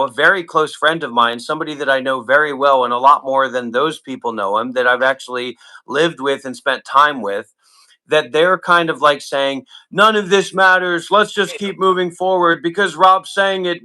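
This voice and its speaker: A man hosts a livestream and rambles through halting, filler-heavy sentences. His voice is bright. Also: medium pitch, low-quality recording. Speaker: host. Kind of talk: livestream talk.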